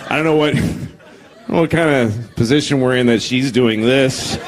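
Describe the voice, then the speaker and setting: A man's voice: medium pitch, moderate pace, background noise. A man in his forties performing a stand-up comedy set, blunt, crude and self-deprecating, telling stories to a live audience. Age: 40s. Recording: live stage recording with crowd laughter.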